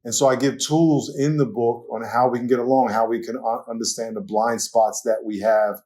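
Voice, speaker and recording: A man with a New York accent, a pastor talking as a guest in a casual interview, telling lively stories and laughing often. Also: medium pitch, normal speed. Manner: animated storytelling, laughs often.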